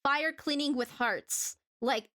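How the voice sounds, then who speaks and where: A woman streamer talks casually with her chat as she draws, her voice sitting on the high side. She giggles a lot and trips over her words, restarting sentences as she goes. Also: slow, sharp tone. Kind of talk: casual live-stream chat while drawing.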